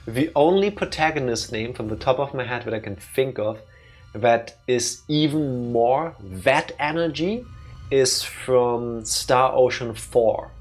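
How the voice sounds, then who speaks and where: A man's voice: mid-range voice, animated, slow, faint music behind. A young man streaming a let's play, joking wryly and rambling with frequent restarts. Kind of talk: casual gameplay commentary.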